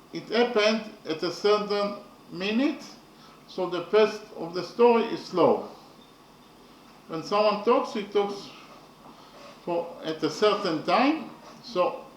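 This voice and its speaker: A man teaching a lesson on poetry, speaking haltingly and often checking understanding. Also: high voice, fairly bright tone. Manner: halting, repeats points with "okay?". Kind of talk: lecture on poetry. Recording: echoey room, mic at a distance, faint noise.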